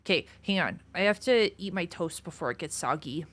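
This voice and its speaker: A woman's voice: fairly low pitch, expressive, a little fast, a bit bright. A woman streamer chatting casually with her viewers, a bit out of breath, greeting people by name. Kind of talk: casual chat reading viewer messages.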